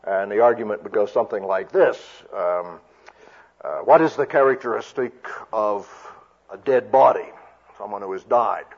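A man's voice: lowish voice, moderate pace. A man preaching an expository sermon, teaching carefully and restarting often as he explains. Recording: dull lo-fi recording.

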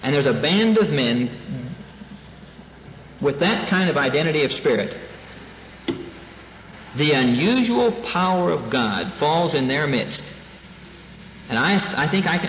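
A man's voice: fairly high pitch, fairly bright tone. Earnest man preaching in an echoey hall. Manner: earnest, repeats key lines for emphasis. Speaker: minister teaching a class. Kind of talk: preaching lecture. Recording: dull echoey hall with faint hiss.

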